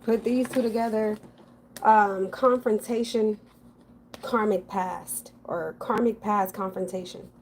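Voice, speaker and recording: Tarot reader, woman, middle pitch, frank and chatty, faint hiss behind. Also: fairly even intonation, slow pace, a little mellow. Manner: frank, chatty, thinking aloud with fillers. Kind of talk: casual general tarot reading.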